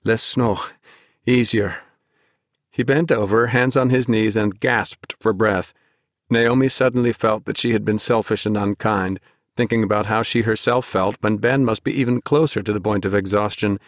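An audiobook narrator, a man, reads a scripted storybook in a steady, measured way. His voice is low, and the recording is dry and close, with no room sound at all.

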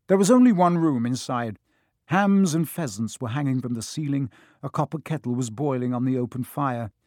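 A man reading a children's fantasy novel aloud in measured, scripted narration. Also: mid-range voice, darkish tone, no echo, studio quality. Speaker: audiobook narrator.

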